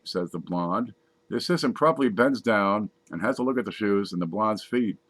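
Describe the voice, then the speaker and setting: A man's voice: fairly low pitch, expressive, moderate pace, a bit bright, no room sound. A man casually reading jokes aloud, laughing at his own punchlines and adding wry asides. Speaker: comedy joke reader.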